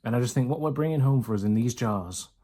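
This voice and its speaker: A man voicing a clever, cheerful fox father in a storybook reading, with a brisk manner. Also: mid-range voice, dark tone, close to an everyday voice.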